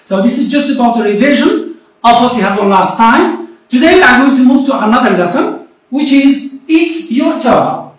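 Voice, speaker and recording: A female teacher with a high-sitting voice and lively intonation delivers a recorded remote English lesson, explaining slowly and deliberately and repeating herself often. The room is very echoey and she is far from the microphone.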